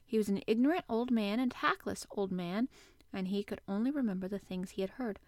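A woman host narrating a classic novel chapter in an expressive, animated way. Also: medium pitch, a little fast, no echo, clean studio sound. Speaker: podcast host and reader. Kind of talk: audiobook narration.

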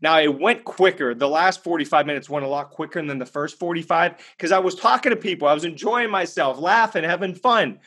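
A man with a slightly high-pitched voice delivering a motivational talk. He speaks emphatically and bluntly, storytelling with energy. He poses rhetorical questions and answers them himself. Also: brisk, few pauses, bright, forceful tone. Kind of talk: motivational monologue.

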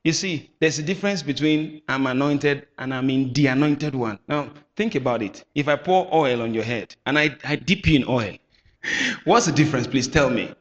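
A man preaching a sermon with emphatic bursts, shouting at times and calling on the congregation to answer back. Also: mid-range voice, normal speed, dull audio. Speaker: pastor. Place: church hall. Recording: echoey hall.

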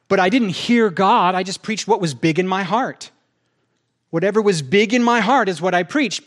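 Animated man preaching a sermon. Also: high voice. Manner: animated, acts out both sides of conversations with God. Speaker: pastor.

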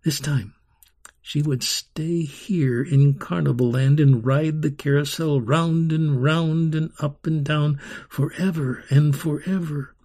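A man reading a story aloud in a slow, rhythmic, expressive way, voicing sound effects himself. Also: on the high side.

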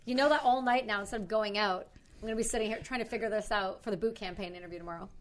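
A woman's voice: mid-range voice, slight background noise. A woman from Canada with a Canadian accent, chatting casually and teasing back as a podcast co-host. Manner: lively, quick to tease and protest. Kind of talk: casual chat.

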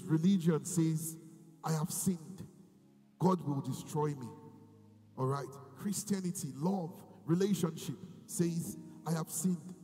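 A man preaching a sermon, moving between quiet reading and loud, drawn-out cries of praise. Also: a little high. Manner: preaching with sudden loud, slow sung-out bursts of praise. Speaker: pastor. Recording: long hall reverb with faint music.

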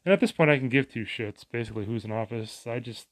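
A man's voice: medium pitch, expressive, fast. A man vlogging a casual, rambling rant, exasperated and profane, full of restarts and asides.

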